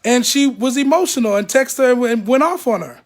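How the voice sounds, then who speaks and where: Guy with a really high voice ranting to the cam, blunt and worked up. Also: a little fast. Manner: animated, acts out other people's words; blunt and profane. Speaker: ex-member speaking out. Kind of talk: emotional talk to camera.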